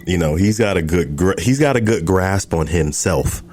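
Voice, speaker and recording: Low-voiced man telling a profane story. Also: expressive, normal speed, a little mellow, slight background noise. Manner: profane, laid-back storyteller. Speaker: podcast guest. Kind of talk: casual storytelling.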